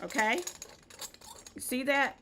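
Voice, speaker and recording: Woman, Southern US accent, host of a live craft demo; high, bright, patient and instructive. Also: fairly even intonation, slow pace, a little hiss or hum. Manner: step-by-step instructive, checks in with "okay?". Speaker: event decor host. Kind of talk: live-stream how-to demo.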